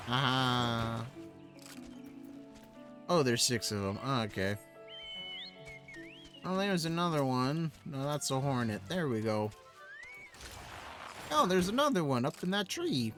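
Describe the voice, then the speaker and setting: Relaxed game streamer, slow casual self-talk, soft music underneath. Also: medium pitch. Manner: casual, chuckling, talks to self while playing. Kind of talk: casual live gameplay commentary.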